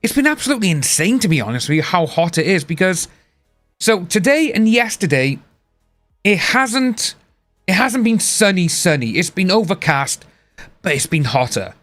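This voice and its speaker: A man's voice: sits high, big pitch swings, normal speed, fairly bright tone. A man chatting casually on a live stream, rambling and replying to his chat. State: hiccups. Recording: faint music behind.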